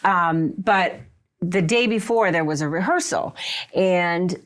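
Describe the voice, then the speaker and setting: Lively woman podcast host telling stories. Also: on the low side, slow pace. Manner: lively storyteller who acts out quoted voices. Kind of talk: casual podcast chat.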